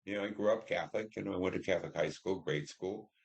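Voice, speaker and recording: A man's voice: low-pitched, quick pace, vocal fry. An older man telling his war experiences in an oral history interview, acting out dialogue as he goes. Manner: vivid storytelling, acts out radio dialogue. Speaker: Vietnam veteran interviewee.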